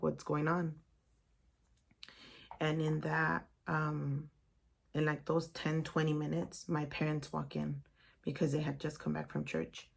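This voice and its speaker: A young woman, telling a painful personal story in a vlog, halting and emotional, full of "like" and "um". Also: low-pitched, gravelly. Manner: emotional, halting retelling with many "like" and "um". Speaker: vlogger.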